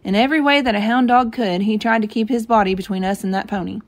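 A woman reading a novel aloud, telling the story gently and giving the characters light voices of their own. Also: mid-range voice, fast. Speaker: reader.

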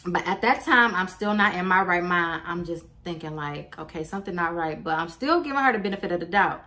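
A woman's voice: lowish voice, brisk. Blunt, swearing woman telling a storytime. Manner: animated, blunt, swears freely, acts out quotes. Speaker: vlogger. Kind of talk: casual storytime.

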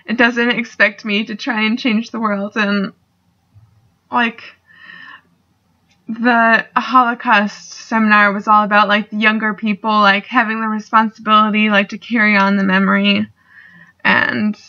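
Speaking a little slowly at medium pitch, a young woman keeps a level tone that's bright and forceful. She's a student vlogger rambling in a video response with fillers and casual swearing, becoming somewhat emotional, captured on a dull lo-fi recording.

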